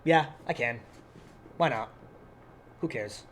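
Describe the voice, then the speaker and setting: A man on a casual podcast, promoting sales and programs in a relaxed, teasing way. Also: medium pitch, slow, slight background noise. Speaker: podcast co-host at an airsoft field.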